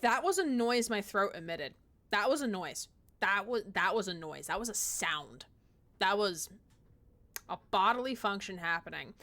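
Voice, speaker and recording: A woman streaming a puzzle game, chatting casually, gushing excitedly and swearing now and then. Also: mid-range voice, moderate pace. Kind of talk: live-streamed gameplay chat.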